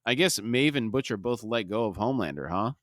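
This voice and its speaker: A man's voice: on the low side, expressive, fairly quick, a bit bright. A man co-hosting a podcast, steadily narrating a TV episode scene by scene with brief comments. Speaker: podcast co-host. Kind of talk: scene-by-scene recap reading.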